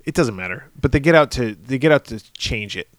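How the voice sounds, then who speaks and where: A man's voice: mid-range voice, a little fast, no room sound, studio quality. A man co-hosting a podcast, casually recapping a horror movie with profanity and acted-out character voices. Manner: animated, profane, acts out characters in exaggerated voices. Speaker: podcast co-host.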